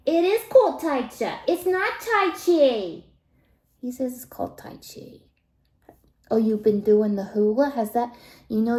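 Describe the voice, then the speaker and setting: A woman's voice: fairly high pitch, dark tone, echoey room. A woman voicing a nosy, blunt, meddling elderly Jewish grandmother in a comic monologue, full of gossipy whispered asides and sighs. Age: older.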